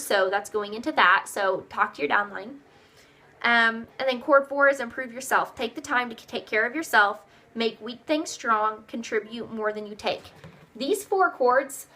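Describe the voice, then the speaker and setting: A woman's voice: fairly high pitch, pushed and bright. A young woman giving upbeat sales training to her team, coaching in a repetitive way and acting out customers' replies. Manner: acts out customers' replies in a raised voice. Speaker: direct sales team leader.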